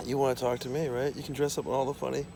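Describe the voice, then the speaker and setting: A man's voice: medium pitch, flat delivery, racing, gravelly, noisy background. A man rambling and ranting to his camera at home, profane and repetitive, drifting from topic to topic. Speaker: vlogger. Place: small home.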